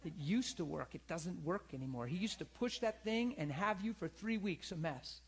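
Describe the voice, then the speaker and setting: A man's voice: sits high, lively intonation, normal speed, husky. A man preaching a sermon in a conversational, earnest way, often calling for agreement. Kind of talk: sermon with personal story.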